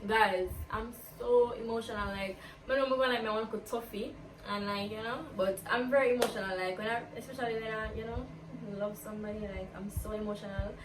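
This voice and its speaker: A woman's voice: fairly high pitch, fairly even intonation, fairly quick, hardly any pauses, noisy background. A woman chatting casually as a vlogger, answering get-to-know-me questions and peppering her talk with "like". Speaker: YouTuber. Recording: roomy, distant from the mic, faint ambience.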